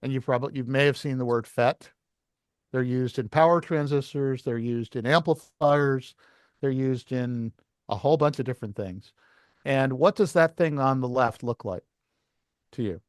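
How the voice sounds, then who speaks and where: A man's voice: mid-range voice, normal speed, no echo, studio quality. A man teaching a licensing class, explaining step by step at a whiteboard and asking the students questions.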